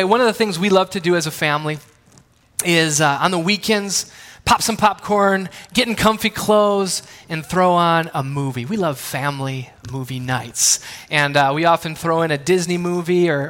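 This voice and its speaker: A pastor in his thirties delivers a sermon full of family anecdotes, speaking in a conversational, joking, self-deprecating way and putting questions to the audience. His voice sits on the high side with a fairly bright tone, and the recording carries the long reverb of a large hall.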